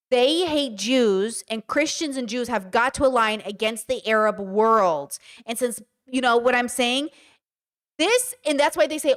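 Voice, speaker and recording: Woman in her 30s, streamer, quick emphatic reactions, slightly high voice. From United States. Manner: animated, rapid, emphatic. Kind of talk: live-stream reaction commentary.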